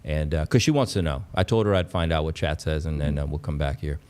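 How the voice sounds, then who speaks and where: A man hosting a casual livestream, talking straight to his chat, excitable and repeating himself. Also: rumbling low, fast talker, smooth. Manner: excitable, repeats phrases, talks to chat as "pups". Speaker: livestream host.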